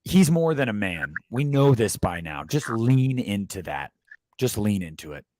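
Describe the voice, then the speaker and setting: Casual co-host, male, lower voice, dry close sound, sarcastic and animated. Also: unhurried, no echo. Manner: animated, sarcastic, reads chat comments aloud. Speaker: podcast co-host. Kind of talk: casual livestream chat.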